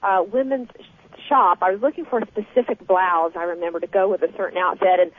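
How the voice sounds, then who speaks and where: A woman guest telling a story with lively, animated energy in a radio interview, heard over the phone. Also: medium pitch, fairly quick. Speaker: guest author. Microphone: telephone. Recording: tinny phone line.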